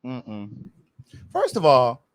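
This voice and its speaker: A man's voice: medium pitch, wildly swooping pitch, extremely slow, clear, resonant tone. A man hosting a casual chat, sassy and strongly opinionated. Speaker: host.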